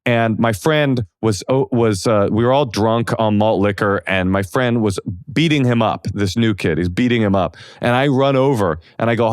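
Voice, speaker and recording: A man in his forties from Oakland, a comedian guest telling self-deprecating stories in a casual interview, animated and full of fillers. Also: on the low side, moderate pace, few pauses, no room sound, studio quality. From Oakland, California.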